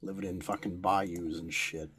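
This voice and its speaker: A man's voice: low voice, flat delivery, normal speed, a bit bright, slight background noise. A young American man commenting on a strategy war game he is playing, sarcastic and given to swearing at the computer opponents. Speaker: gameplay commentator.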